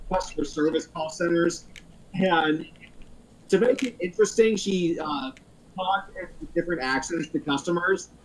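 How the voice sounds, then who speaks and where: A man's voice: on the high side, a little hiss or hum, poor audio. A man hosting a casual podcast chat, rambling through stories with lots of fillers and frequent laughs. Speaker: podcast host.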